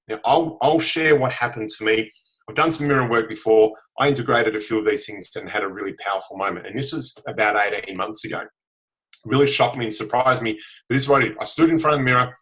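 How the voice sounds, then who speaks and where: A man's voice: mid-range voice, fairly bright tone, poor audio. Earnest man in his forties. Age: 40s. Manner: earnest, frank, frequent "right?" tags. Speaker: guest self-help speaker. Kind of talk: motivational talk.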